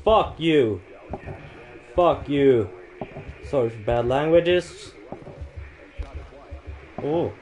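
A man's voice: very slow, pauses often, soft background music. A man livestreaming a horror game, reacting in frightened, swearing outbursts and nervous laughs. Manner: lively, dramatic pitch swings between yelps and mutters. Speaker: livestream gamer.

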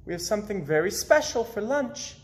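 A man voicing a kindly mother who speaks gently to her young son in a read-aloud storybook. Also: sits high, sing-song, fairly quick, pitched above the performer's own voice. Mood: gentle.

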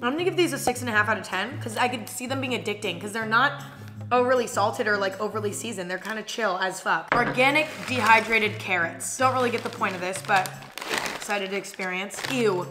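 A woman's voice: mid-range voice, brisk. A young woman in a casual taste-test vlog, blunt and candid, swearing now and then. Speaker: vlogger. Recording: faint music underneath.

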